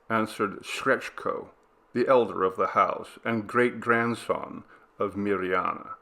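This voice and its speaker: Slow, gravelly male storyteller. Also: fairly low pitch, steady tone, pushed and bright. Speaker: narrator. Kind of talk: audiobook reading of a classic story.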